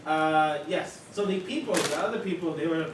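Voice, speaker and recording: A man's voice: on the high side, normal speed. A young man casually recapping a tabletop game session, rambling and joking with many fillers, picked up from a distant mic. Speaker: player. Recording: distant, echoey, noisy room.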